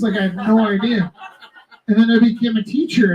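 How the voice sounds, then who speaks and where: A man hosting a live art auction, telling rambling personal stories to the audience in an animated, self-interrupting way. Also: high voice, a little fast, muffled recording. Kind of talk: casual storytelling to a live audience.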